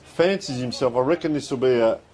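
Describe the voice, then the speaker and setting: Relaxed Australian man calling local football. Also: medium pitch, fairly quick. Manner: relaxed, chatty play-by-play with score calls. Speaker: football commentator. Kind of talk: live sports commentary. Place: outdoor community football ground.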